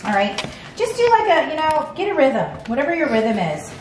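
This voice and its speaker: A woman's voice: high-pitched, normal speed. A woman hosting a casual cooking demonstration, chatty and playful, talking straight to the viewer. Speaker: cooking show host. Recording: echoey room, mic at a distance, steady background hum.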